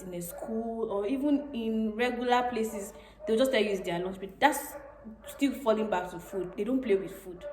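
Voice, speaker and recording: A woman's voice: medium pitch, a little hiss or hum. A young woman from Nigeria hosting a casual chat and laughing often. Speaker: vlogger host. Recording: echoey room.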